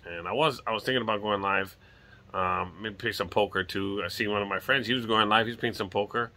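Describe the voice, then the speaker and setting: Out on his home porch, a middle-aged vlogger from Hawaii chats casually in a lowish, bright, forceful voice at a slightly fast clip. He has a light lilt, rambles freely, and swears now and then.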